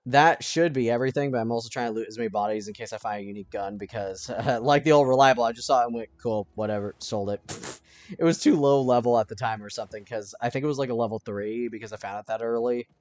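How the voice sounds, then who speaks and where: A man giving casual let's-play commentary, thinking aloud and now and then breaking into panicked yelling. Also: medium pitch, fast, no room sound.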